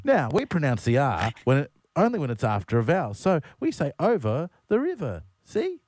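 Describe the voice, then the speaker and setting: An Australian man in his forties banters on the radio. His pitch swings widely as he rants and jokes with dry sarcasm. The studio sound is close and dry. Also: fairly quick, no echo. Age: 40s. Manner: animated, sarcastic, ranting jokes. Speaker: radio co-host. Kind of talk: banter on breakfast-style radio. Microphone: studio microphone.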